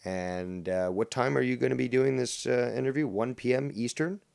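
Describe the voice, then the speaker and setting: A man's voice: medium pitch, normal speed, creaky, darkish tone, smooth, no echo, studio quality. A man hosting a casual online show, sarcastic and profane, joking about the people he discusses. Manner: profane, sarcastic, laughs at insults. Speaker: host. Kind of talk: casual crude drama chat.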